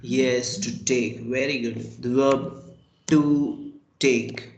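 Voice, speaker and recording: A man teaching a French class over a video call, slow and patient, praising and prompting his students. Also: medium pitch, fairly even intonation, slight background noise. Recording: echoey room.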